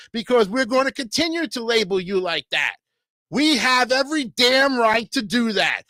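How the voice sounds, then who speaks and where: A man's voice: high-pitched, bright, forceful tone, no echo, clean studio sound. A man hosting a livestream show, delivering combative, crude political commentary and repeatedly asking his audience "okay?".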